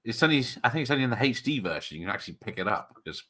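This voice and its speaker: A man's voice: medium pitch, big pitch swings, racing, a bit bright. A man hosting a watch-party stream, chatting and joking through rambling tangents. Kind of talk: casual live-stream commentary.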